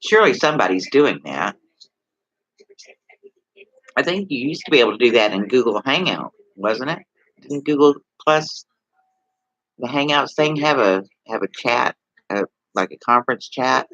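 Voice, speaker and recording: Man, Texas accent, casual livestream chat, rambling, bright voice, dull lo-fi sound. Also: mid-range voice, lively intonation, moderate pace, pauses often, no room sound. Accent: Texan. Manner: rambling, talks straight to viewers with many questions. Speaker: livestream host.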